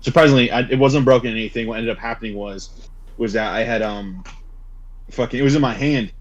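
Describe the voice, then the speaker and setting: Fast-talking, husky young man. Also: mid-range voice. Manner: rapid, profane, animated storytelling. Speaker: podcast co-host. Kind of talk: casual storytelling chat. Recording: dull lo-fi sound.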